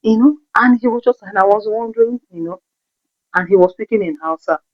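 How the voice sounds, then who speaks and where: A Nigerian woman tells a personal story in a lively, expressive way. Her voice is fairly low and is heard dry and a little muffled, with no room sound. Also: fairly quick, no echo. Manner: animated storytelling, acting out the voices of others. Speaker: vlogger. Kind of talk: storytime narration. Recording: dull, dry recording.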